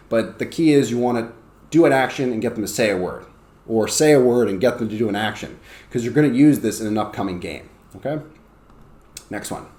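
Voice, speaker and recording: A man teaching ESL, explaining and acting out classroom drills with bursts of excited, high calls. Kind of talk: teaching demonstration. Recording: roomy echo.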